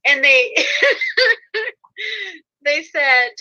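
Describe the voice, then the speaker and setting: Bright, giggly woman guest. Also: high-pitched, slow pace, pauses often, rough recording. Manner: warm-hearted, giggly, earnest. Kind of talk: casual chat.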